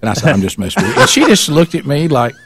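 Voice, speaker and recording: A man's voice: on the high side, lively intonation, very fast, over music. Man rambling through a teasing story. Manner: rambling, teasing, with many restarts. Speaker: radio show host. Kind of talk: casual storytelling chat. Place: radio studio.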